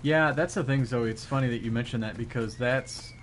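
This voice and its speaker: A man's voice: medium pitch, fairly quick, a little hiss or hum. A man chatting casually with his viewers while gaming, rambling with lots of fillers and restarts. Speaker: live streamer.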